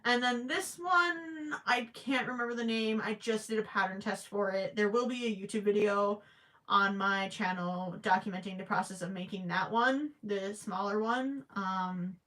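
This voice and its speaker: A woman's voice: medium pitch, fairly even intonation, moderate pace, fairly bright tone. A young woman livestreaming while she crochets, chatting casually and reading viewer comments aloud.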